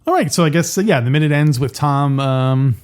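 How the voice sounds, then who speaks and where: A man's voice: a little high, a little fast, a little mellow, clean tone. A man co-hosting a podcast in casual chat, making jokes and chuckling through his remarks. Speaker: podcast co-host.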